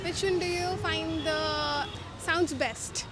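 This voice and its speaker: A woman asking brisk, plain questions as a street interviewer outdoors on a busy city street. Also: extremely high pitch, steady tone, loud music behind the voice. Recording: loud street traffic noise.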